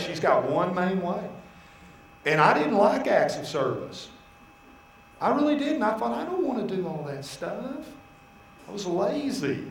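A man preaches with animated storytelling, his voice sitting a bit high for a man. The room rings with echo and faint ambience behind him. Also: slight background noise. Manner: animated storytelling, voicing God and his wife in asides. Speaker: pastor. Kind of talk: sermon.

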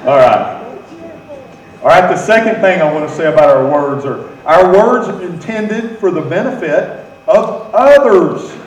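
A man's voice: sits high, lively intonation, unhurried. An American man preaching a sermon as pastor, having the congregation repeat phrases after him. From United States. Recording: echoey room, mic from far off.

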